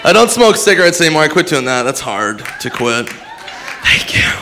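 A man's voice: on the high side, very animated, normal speed, noisy background. Dry-witted male stand-up comic. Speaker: stand-up comedian. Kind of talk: stand-up comedy routine. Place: comedy club stage with audience. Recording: live club recording with crowd laughter.

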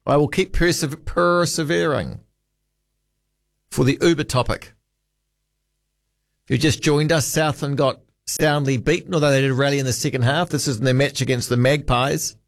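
A man's voice: mid-range voice, steady tone, moderate pace, vocal fry, pauses often, no room sound, studio quality. A man hosting late-night talkback radio, rambling wryly and reading out listener texts. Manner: rambling, wry, reads listener texts aloud. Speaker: radio host. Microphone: studio microphone.

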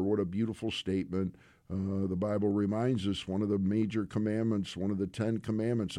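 A man preaching a sermon. He speaks earnestly and unhurriedly and often pauses on "uh". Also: on the low side, little pitch movement, mellow, no room sound. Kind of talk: sermon retelling scripture.

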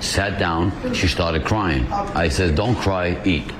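A man's voice: low-pitched, slow pace, background noise. A man with a Bronx accent, a pizza shop owner speaking emphatically and from the heart. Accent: New York (Bronx).

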